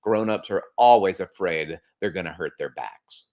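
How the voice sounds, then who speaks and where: Male podcast host, slightly low voice, earnest reflective storyteller, conversational. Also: measured pace. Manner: earnest, conversational, animated when quoting.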